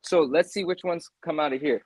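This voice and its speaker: A man's voice: on the high side, brisk, a little hiss or hum. A man co-hosting a casual livestream, telling rambling stories and checking in with "right?" as he goes. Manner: rambling, animated storytelling with lots of "right?". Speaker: co-host.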